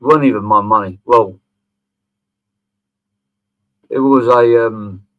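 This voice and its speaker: The channel host is a middle-aged man with a mid-range voice and a moderate pace. He delivers a sarcastic response video full of sneering and free swearing, and the recording sounds tinny, like a phone.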